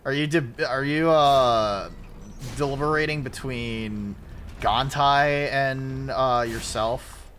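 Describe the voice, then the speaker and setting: A man chatting casually while streaming a game, swinging between loud outbursts and mumbled asides. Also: medium pitch, takes it slowly, slight background noise. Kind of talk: casual gaming livestream chat.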